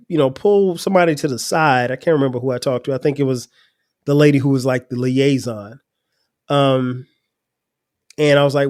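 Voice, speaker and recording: A man's voice: on the high side, darkish tone. A middle-aged man hosting a podcast, telling a personal story in a casual, conversational way with frequent laughter. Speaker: podcast host.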